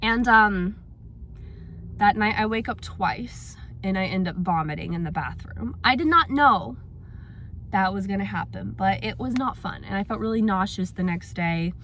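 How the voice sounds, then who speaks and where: A young woman chatting in a casual personal vlog, acting out her own reactions with big jumps in pitch. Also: lively intonation, moderate pace, a bit bright, a little hiss or hum. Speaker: vlogger.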